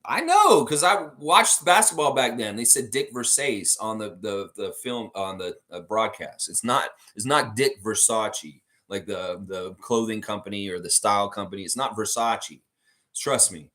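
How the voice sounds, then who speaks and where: Animated American man hosting a trivia stream. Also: on the low side, normal speed, few pauses. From United States. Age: middle-aged. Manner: animated, reads chat comments aloud, laughs often. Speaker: trivia livestream host. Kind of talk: casual live-stream trivia chat.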